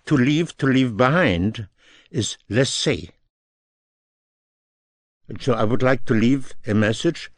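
A man teaching French phrases, explaining each one slowly and repeating it in both languages. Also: mid-range voice, no echo, studio quality. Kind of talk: slow, deliberate language lesson.

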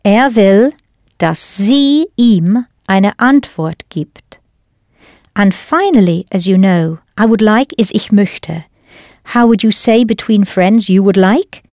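A woman's voice: medium pitch, lively intonation, slow, darkish tone, no room sound, studio quality. A woman teaching a scripted language lesson, enunciating carefully and prompting the listener with questions.

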